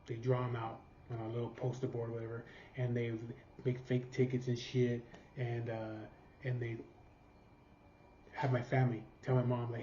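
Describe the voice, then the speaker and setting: A man's voice: medium pitch, flat delivery, moderate pace, mellow, slight background noise. A man from California telling a rambling, profanity-filled family story in casual storytelling. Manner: profane, rambling, laughing at his own story. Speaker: vlogger. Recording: roomy, slightly dull sound.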